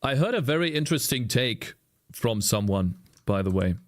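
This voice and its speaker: A man's voice: mid-range voice, animated, normal speed. A man with a German accent, a native German speaker, chatting casually with viewers during a live coding stream, rambling and searching for English words. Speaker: streamer and indie game developer.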